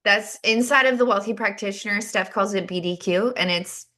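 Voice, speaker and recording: A woman's voice: mid-range voice, normal speed, sharp tone. A woman from Pennsylvania hosting a casual podcast interview, upbeat and laughing often. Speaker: podcast host.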